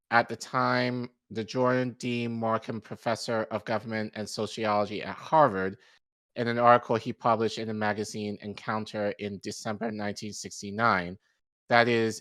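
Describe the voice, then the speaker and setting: A man co-hosting a podcast who reads an article aloud, with steady delivery and occasional stumbles and self-corrections. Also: fairly low pitch, moderate pace, no room sound. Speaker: podcast co-host.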